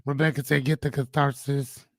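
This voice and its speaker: A man hosting a live coaching stream, reading viewer comments and answering them in an animated, joking, slangy way. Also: mid-range voice, moderate pace, gravelly, dry recording. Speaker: host and coach.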